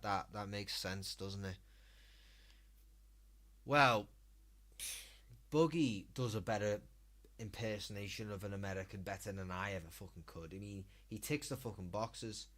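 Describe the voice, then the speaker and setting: British man, streamer, ranting, sweary, exasperated, slow, unhurried delivery. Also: fairly low pitch, a bit bright. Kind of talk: casual live-stream reaction chat.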